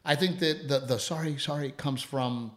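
Speaking at a moderate pace with a voice in the middle of the male range, this middle-aged podcast co-host keeps the casual chat lively. He does voices when quoting people and swears without hesitation.

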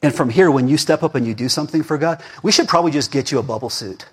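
A middle-aged man preaching a sermon in a church, animated and swinging between near-shouts and murmurs. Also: a little high, quick pace, breathy edge. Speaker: pastor.

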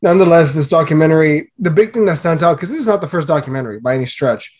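A man's voice: on the high side, lively intonation, very fast, a little mellow, slightly rough. Rambling male podcast co-host. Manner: rambling, hesitant, filler-heavy talk. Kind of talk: casual podcast chat.

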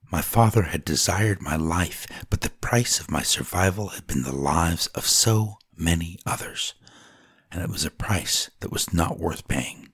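A man narrating a dramatic first-person story in a solemn, deliberate way, at times dropping to a whisper. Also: sits low, breathy edge, no echo, studio quality.

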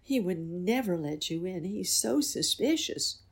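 Brief: woman voicing a scared captive giantess, hushed and breathy, slow. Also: lowish voice, lively intonation, voice pushed up, heavily acted. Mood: fearful. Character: frightened, tearful captive giantess.

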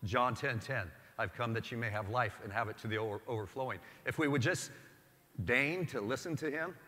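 Preaching priest in an echoey church. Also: male voice, medium pitch, brisk, pushed and bright. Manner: conversational, emphatic preaching with direct questions to the congregation. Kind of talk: sermon.

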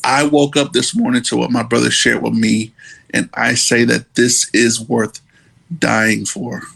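A man hosting a podcast, speaking in an earnest, halting and emotional way. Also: mid-range voice, little pitch movement, vocal fry, fairly bright tone, slightly rough. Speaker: podcast host. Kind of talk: emotional personal monologue.

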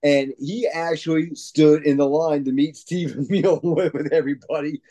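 Mellow-voiced man rambling casually. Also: fairly high pitch, steady tone, moderate pace. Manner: rambling, filler-heavy, enthusiastic fan talk. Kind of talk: casual chat.

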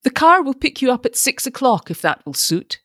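A timid, gentle gentleman in a storybook reading, courteous and soft in every word, as a woman narrator puts him on. The sound is dry and close. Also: very high voice, big pitch swings, normal speed, dry recording, pitched above the performer's own voice, exaggerated voice.

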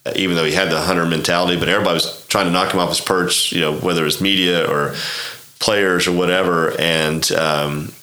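Man, 50s, from Oklahoma. Very low, bright-toned voice; rambling raconteur who acts out dialogue. Echoey room. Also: steady tone, brisk. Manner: rambling, acts out quoted dialogue, frequent restarts. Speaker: golf club director, podcast guest. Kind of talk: casual storytelling interview.

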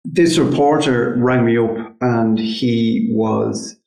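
Irish man, forties, gravelly, blunt and sweary co-host, echoey room. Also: mid-range voice, slow pace, mellow. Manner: blunt, swears freely, insistent. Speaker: podcast co-host. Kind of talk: casual chat.

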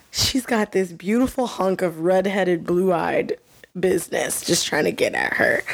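A young woman chatting on a podcast about last night's episode, gushing and emotional, and piling on "like" as she talks. Her pitch sits in the ordinary middle range for a woman. Her tone is loose and conversational. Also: vocal fry. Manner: excitable and emotional, with many "like" fillers. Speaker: podcast co-host. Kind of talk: casual chat about a TV episode.

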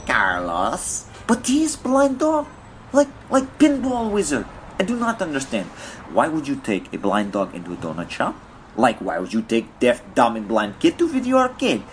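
A man's voice: big pitch swings, moderate pace, slight background noise, lightly acted. A man voicing a distraught Russian man with a put-on Russian accent, ranting in broken English with a whiny, swooping voice. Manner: whiny, wildly swinging pitch, broken English. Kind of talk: comedic character monologue.

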